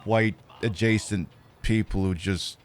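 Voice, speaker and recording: A man's voice: on the low side, fairly even intonation, measured pace, slight background noise. An American man chatting casually while streaming a game, rambling and stammering through restarts. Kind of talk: casual chat while gaming.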